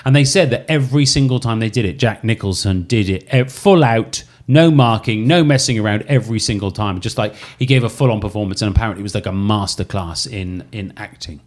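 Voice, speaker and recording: A man co-hosting a casual podcast chat, laughing often and breaking into loud movie impressions. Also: on the low side, fairly quick, few pauses. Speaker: podcast co-host.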